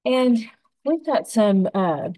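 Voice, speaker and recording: A woman giving a gentle, unhurried painting tutorial, talking through each brushstroke as she works. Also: on the high side, expressive, rough recording. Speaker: painting instructor.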